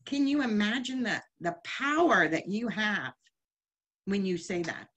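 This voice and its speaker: A woman's voice: mid-range voice, lively intonation, a little slow, fairly bright tone. A woman giving a heartfelt, conversational spiritual teaching lecture at a chapel service, often asking her listeners questions. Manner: heartfelt, asks the congregation many questions.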